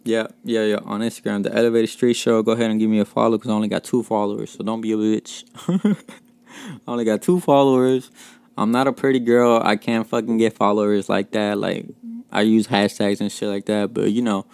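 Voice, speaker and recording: A man from Mexico tells stories on his own podcast, with a gravelly, creaky edge on a smooth, full voice. His talk is loose and profane, packed with fillers and small laughs. The sound is close and dry, with no room around it. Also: lowish voice, little pitch movement, fairly quick, darkish tone, no room sound. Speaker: podcast host. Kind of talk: casual storytelling podcast.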